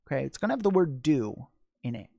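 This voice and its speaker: A man's voice: mid-range voice, very animated, fast, creaky, dark tone, no echo, clean studio sound. A man hosting a casual live-stream Q&A on sex education, blunt and joking crudely.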